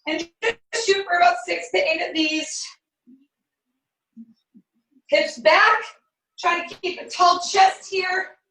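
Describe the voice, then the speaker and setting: A woman fitness coach giving energetic step-by-step workout cues and counting out the moves. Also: very high voice, a little slow. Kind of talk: guided workout instructions. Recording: echoey room, distant from the mic.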